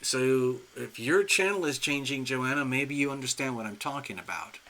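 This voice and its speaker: A man hosting a live-stream tarot reading, chatty and excitable, talking straight to viewers and clients. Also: medium pitch, normal speed. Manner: chatty, excitable, laughs often. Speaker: tarot reader, channel host.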